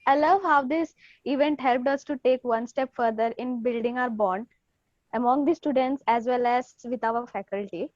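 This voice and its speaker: A woman's voice: fairly high pitch, normal speed, a little mellow, no room sound. A young woman hosting a college event, making upbeat, formal scripted announcements. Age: young adult. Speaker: event host. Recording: dull lo-fi dry audio.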